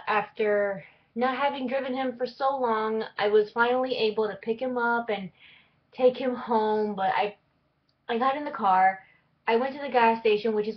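A woman's voice: mid-range voice, dull audio. A young woman in a casual vlog, answering questions about herself in a chatty, rambling way with lots of fillers. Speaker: vlogger. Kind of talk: casual tag video chat.

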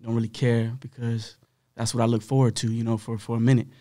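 Podcast guest, young man, slightly rough voice, animated casual storytelling that acts out the dialogue. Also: medium pitch, fast talker.

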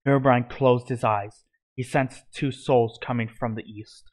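A man reading his own fan fiction story aloud in a plain, steady storytelling manner. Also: mid-range voice, a little slow.

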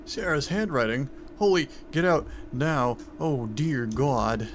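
A man's voice: medium pitch, takes it slowly, a little hiss or hum. A man doing horror game commentary, talking to himself with wry, joking asides. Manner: talks to himself, wry and jokey. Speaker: gaming channel host.

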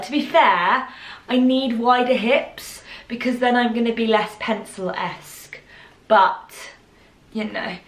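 A woman's voice: on the high side, a bit bright, recorded from a distance. A young woman chatting casually in a rambling, self-mocking way as she tries on clothes in her bedroom. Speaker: fashion vlogger. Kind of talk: casual try-on haul chat. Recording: echoey room, mic set back.

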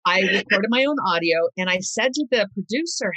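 A woman's voice: mid-range voice, lively intonation, fairly quick, hardly any pauses, bright, forceful tone, no echo. A middle-aged woman author talking earnestly in an interview and reading a passage aloud in a storyteller's cadence. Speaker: author and guest.

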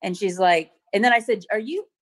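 A middle-aged woman testifying at a court hearing over a video call, retelling events hesitantly with many pauses and ums. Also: mid-range voice. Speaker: witness testifying at a protective order hearing.

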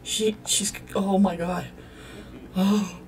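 A woman's voice: medium pitch, flat delivery, takes it slowly, a little mellow, far from the mic, slight background noise. A woman hosting a let's-play, commenting on a life-sim game in a profane, exclamatory way as she talks at the characters. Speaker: gaming channel host.

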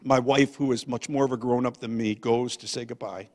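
An older man, a guest pastor, telling a family story in a sermon, swinging from loud to hushed. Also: medium pitch, fairly even intonation, brisk. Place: church sanctuary. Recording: long church hall reverb.

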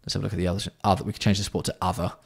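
A man hosting a casual livestream, bantering with chat and swearing freely while keeping his voice fairly hushed. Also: low-pitched, little pitch movement, racing, vocal fry, breathy edge. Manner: banter-filled, sweary, reads out and answers chat. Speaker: livestream host.

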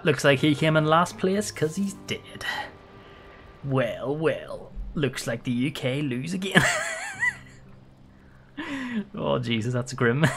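A man streaming a game with playful, excitable commentary and frequent laughter. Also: medium pitch. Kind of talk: live gameplay commentary.

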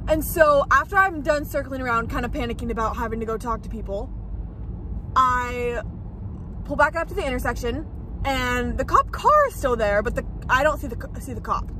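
A woman vlogger telling a rambling, excitable story while driving, with many fillers. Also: sits high, normal speed, poor audio. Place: inside a moving car. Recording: loud car road noise.

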